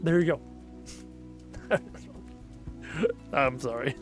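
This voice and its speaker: On a gaming livestream with soft background music, a young man with a Canadian accent chats casually, thinking out loud and answering comments. His pitch is medium and he draws out his words.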